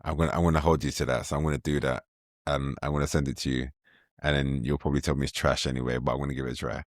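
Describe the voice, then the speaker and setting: A man's voice: extremely low pitch, level tone, very fast, dry recording, studio quality. An English man hosting a podcast interview, chatty, informal and self-deprecating. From England. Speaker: podcast host.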